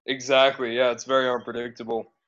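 A man's voice: medium pitch, level tone, fast, a bit bright. An Australian man talking casually as a podcast guest, laid-back, swearing and hedging with lots of fillers. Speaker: guest, dating profile coach. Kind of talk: casual chat. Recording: dull lo-fi sound.

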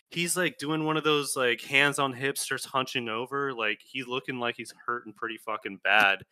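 Man, mid-pitched and bright, dry close sound; casual storyteller who swears a lot and shouts out quoted lines. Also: normal speed, hardly any pauses, clean tone, dry recording. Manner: animated, swearing, acts out quotes loudly. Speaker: podcast co-host.

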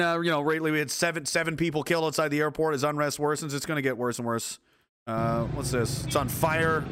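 A man's voice: on the high side, a bit bright. A man reacting to news reports and photos in a sarcastic, angry, heavily profane rant. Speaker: commentator.

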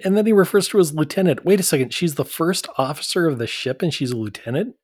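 A man's voice: a little high, animated, fast, a little mellow, slightly rough, no room sound, clean studio sound. A man co-hosting a podcast in casual chat, wry and musing, often restarting his sentences. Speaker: podcast co-host. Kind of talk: casual episode recap chat.

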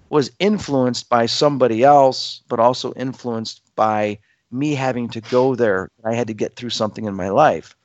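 A man's voice: mid-range voice, dry recording, lo-fi sound. A man telling a dramatic personal story to listeners, acting out the quoted voices as he goes. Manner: acts out quoted voices, lively and emphatic.

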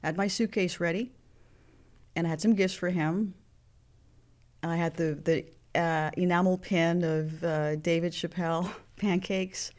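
A woman's voice: fairly low pitch, steady tone, darkish tone. A woman sharing personal memories as an interview guest, speaking earnestly with frequent restarts. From Mexican heritage. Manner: earnest, halting, many restarts. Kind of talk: emotional personal storytelling.

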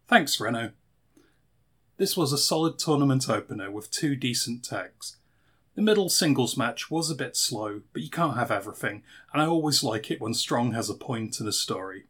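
A man narrates a scripted wrestling review in a dry, opinionated manner. His voice is bright and crisp, with an even middle pitch. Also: normal speed.

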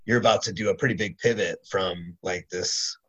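Man, host, fairly low pitch, relaxed, hesitant phrasing. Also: moderate pace, slightly rough, low-quality recording. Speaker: podcast host. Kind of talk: casual interview.

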